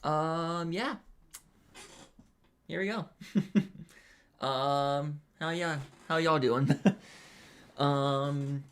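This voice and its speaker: Nervous young streamer. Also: male voice, on the high side, very slow, pauses often, fairly bright tone, smooth. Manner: hesitant, filler-heavy, nervous laughter. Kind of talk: casual live stream chat.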